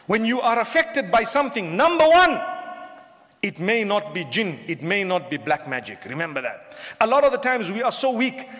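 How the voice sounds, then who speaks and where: A man's voice: high voice, sing-song, moderate pace, a bit bright. A man from Africa, preaching a humorous lecture-style sermon to a live audience and often asking the crowd questions. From southern Africa. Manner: humorous, asks the crowd questions, mimics people. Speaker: Islamic preacher. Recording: long reverb of a large hall.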